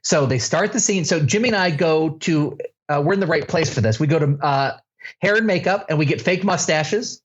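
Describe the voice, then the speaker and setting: A middle-aged man hosting a podcast, telling an anecdote with animated energy and laughing as he tells it. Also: a little high, moderate pace, lo-fi sound. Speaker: podcast co-host. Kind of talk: casual storytelling chat.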